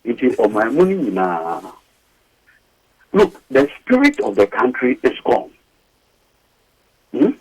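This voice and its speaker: Ghanaian guy on the radio, husky voice, really lively ups and downs, fired up. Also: poor audio. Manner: emphatic, repeats key points, quick rises in pitch. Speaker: radio panel guest, lawyer. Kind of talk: animated radio talk mixing English and Twi. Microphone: studio mic.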